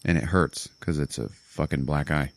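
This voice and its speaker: A man hosting a podcast, retelling a film scene by scene in a casual, animated way, swearing and laughing often. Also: extremely low pitch, moderate pace, dry recording. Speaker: podcast host. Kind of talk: casual movie recap chat.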